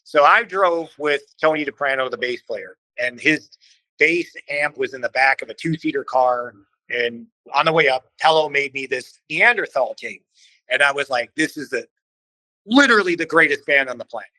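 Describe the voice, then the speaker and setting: Man with a bright, tense voice. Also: mid-range voice, moderate pace, no room sound, rough recording. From Cleveland, Ohio. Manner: animated, acts out quoted voices, swears casually. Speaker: podcast guest, band vocalist. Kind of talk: casual storytelling in conversation.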